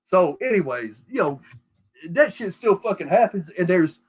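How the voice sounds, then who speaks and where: A man's voice: sits high, expressive, normal speed, husky. A middle-aged man from South Texas with a Texan accent, telling a rambling, profane story full of restarts in casual podcast talk. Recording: dull lo-fi audio.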